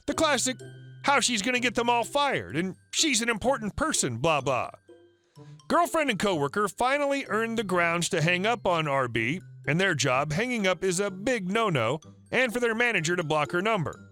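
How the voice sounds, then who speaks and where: A man reading online revenge stories as a scripted narration, upbeat and expressive. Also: high voice. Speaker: story narrator.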